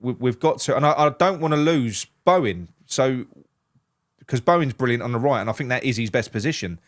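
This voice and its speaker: A man, co-hosting a casual football chat, excitable and sweary, with lots of stammered restarts. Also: mid-range voice, fairly quick. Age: 40s. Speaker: podcast co-host.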